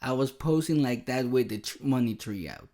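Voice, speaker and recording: A man hosting a podcast, telling a personal story in an animated, self-deprecating way. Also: medium pitch, normal speed. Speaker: podcast host. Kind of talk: casual storytelling monologue.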